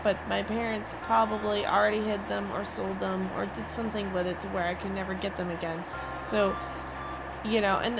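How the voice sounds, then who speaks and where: A woman's voice: mid-range voice, steady tone, normal speed. A young woman streamer venting to her viewers in a rambling, swearing rant. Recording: noisy background.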